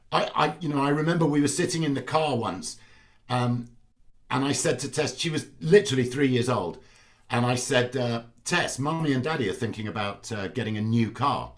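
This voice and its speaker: A middle-aged man chatting as a guest on a video call, telling family anecdotes in a relaxed storytelling way. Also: medium pitch, recorded from a distance. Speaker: actor guest. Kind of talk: casual video-call chat.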